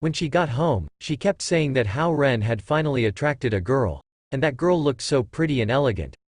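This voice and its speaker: A man with a synthetic voice narrating a light novel audiobook in an even, steady reading. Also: medium pitch, normal speed, no room sound, studio quality.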